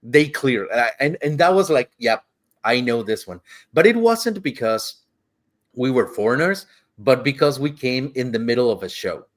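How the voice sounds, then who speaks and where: On a podcast he co-hosts, a man with a mid-range voice and lively intonation tells a rambling travel story at a moderate pace. The talk is casual, the swearing is free, and he acts out the quotes by switching voices.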